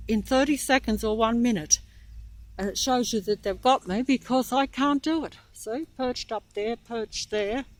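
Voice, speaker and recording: On poor audio, a medium-pitched woman records herself with a handheld phone as she walks in an outdoor park. Out of breath, she offers rambling commentary that keeps halting, restarting, and trailing away.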